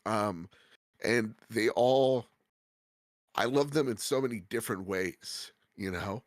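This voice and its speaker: A man's voice: fairly low pitch, slow pace, dry recording. A man co-hosting a podcast in casual chat, heartfelt and rambling with many restarts, his nose stuffy. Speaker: podcast co-host.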